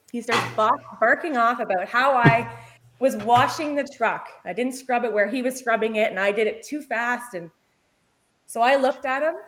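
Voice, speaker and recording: Laughing, lively woman paramedic. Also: a little high. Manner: lively, laughs through her story. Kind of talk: casual storytelling chat.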